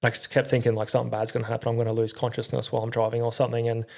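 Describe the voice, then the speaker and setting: A man's voice: mid-range voice, completely flat delivery, very fast, vocal fry, a little mellow. A middle-aged Australian man telling his story in a candid, rambling way, swearing often and using slang. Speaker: podcast guest, former army crew commander.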